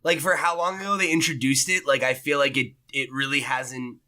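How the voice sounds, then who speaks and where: A man co-hosting a podcast in a casual review chat, animated, laughing often and swearing casually. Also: medium pitch, brisk. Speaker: podcast co-host.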